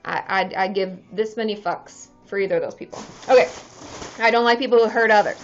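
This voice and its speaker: A woman's voice: medium pitch, brisk, soft background music. A woman therapist chatting casually on a livestream, candid and chatty, swearing freely and laughing often. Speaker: licensed therapist hosting a livestream. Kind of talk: casual live-stream chat. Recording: dull lo-fi live-stream audio.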